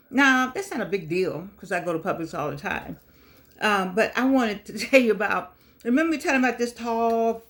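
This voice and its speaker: Chatty older woman, missing teeth. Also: a little high. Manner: effusive, rambling, repeats phrases. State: talking with missing front teeth. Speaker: motivational vlog host. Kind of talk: casual chatty monologue.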